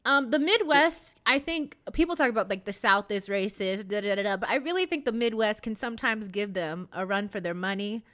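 A woman's voice: medium pitch, fairly quick, few pauses, fairly bright tone. A woman from Ohio interviewing a guest in a chatty, conversational way with casual asides. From Cleveland, Ohio, US.

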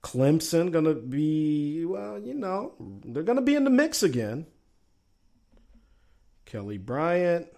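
Folksy Southern-accented sports talk host. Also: male voice, on the high side, big pitch swings, takes it slowly, creaky, pauses often, mellow. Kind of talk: casual sports talk show, reading the chat.

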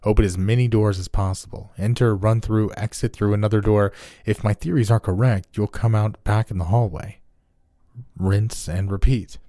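A man reads as a cold, secretive doctor in a spoken horror story, calm and clinical as he pushes his subject onward. The voice sits very low and dark. The sound is close and dry. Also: moderate pace, dry recording, natural voice. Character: cold, secretive male doctor running experiments.

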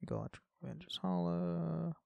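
A man's voice: fairly high pitch, fairly even intonation, normal speed, gravelly, dry recording. Guy co-hosting a podcast, chatty n loose, lots of "like", dead dry sound. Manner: chatty, fillers like "like", trails off softly. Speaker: podcast co-host. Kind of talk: casual chat about a video game.

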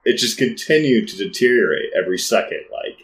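A man co-hosting a podcast in casual chat, animated and defensive, laughing often. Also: fairly low pitch, brisk, roomy sound, a little hiss or hum, low-quality recording. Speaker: podcast co-host. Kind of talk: casual wrestling recap chat.

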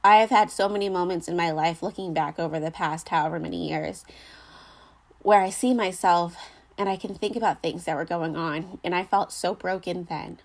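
A woman's voice: on the low side, moderate pace, gravelly. Earnest woman rambling about faith. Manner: earnest, rambling, many "like" and "um" fillers. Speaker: Christian speaker sharing faith reflections. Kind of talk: casual heartfelt monologue.

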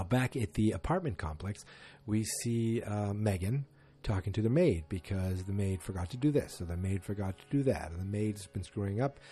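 A low-voiced man with a husky edge gives a rambling, casual episode recap, tossing in wry asides. His tone is mellow and dark, and soft music plays faintly behind him.

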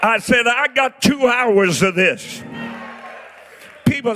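A man in his sixties preaching a fiery sermon, shouting and exhorting his listeners. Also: very high voice, lively intonation, slow, pauses often, soft background music. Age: 60s.

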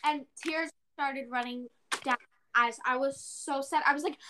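A woman's voice: high voice, fairly even intonation, moderate pace, pushed and bright. A teenage girl co-hosting a podcast in casual chat, rambling through a story with lots of "like"s and acting out her own exclamations. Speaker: podcast co-host.

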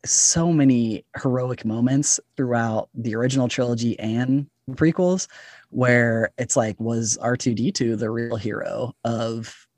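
A man's voice: mid-range voice, unhurried, a little mellow, no room sound. Enthusiastic man chatting on a podcast. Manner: enthusiastic, chatty, laughs often. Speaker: podcast guest. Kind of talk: casual podcast chat.

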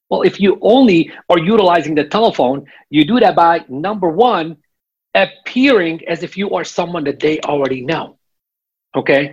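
A man's voice: fairly high pitch, husky, highs cut off. A man working as a sales coach, explaining techniques step by step in a podcast interview and checking in with "okay?". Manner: instructive, repeats "okay?" to check in.

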